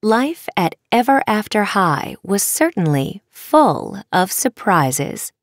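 A woman narrating a children's audiobook with expressive, measured storytelling. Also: medium pitch, no room sound, studio quality. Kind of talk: scripted narration.

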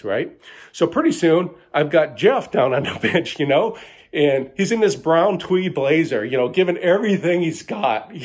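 A middle-aged comedic storyteller with a husky voice on the high side spins a mock-bragging tale. He sounds boastful and bro-ish, capping his lines with "right?"

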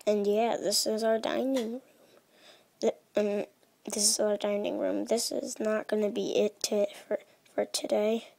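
A woman casually talking through her gameplay into her own desk mic, chatty and halting, often dropping to a hush. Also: mid-range voice, little pitch movement, vocal fry. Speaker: gaming vlogger. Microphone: own desk microphone.

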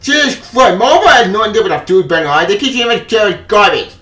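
A man giving a furious, profane rant on a comics news vlog, often shouting. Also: high-pitched, animated, rapid-fire. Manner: angry, profane ranting with frequent shouting. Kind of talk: ranting opinion vlog. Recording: echoey room, voice off-mic.

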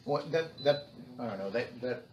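A man co-hosting a casual podcast, telling an animated story and acting out quotes with casual swearing. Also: medium pitch, moderate pace, roomy sound, recorded from a distance, a little hiss or hum, poor audio. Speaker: podcast co-host.

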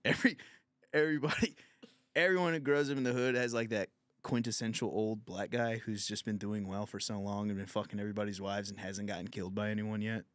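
A man's voice: lowish voice, steady tone, a little fast, no echo. A man hosting a podcast, telling a crude comedic story in casual talk and laughing often. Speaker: podcast host.

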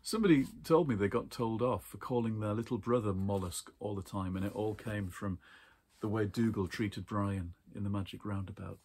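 A man casually chatting about books from his shelves, rambling warmly with fillers and small laughs. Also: fairly low pitch, moderate pace, slightly rough. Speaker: book vlogger. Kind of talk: casual book chat and reading aloud.

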